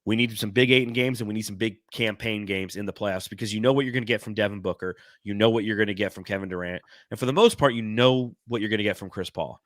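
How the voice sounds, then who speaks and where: Excitable man co-hosting a sports podcast. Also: fairly low pitch, quick pace, few pauses, dry recording, studio quality. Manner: excitable, laughs often, reads fan comments aloud. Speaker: podcast co-host. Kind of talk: casual sports chat.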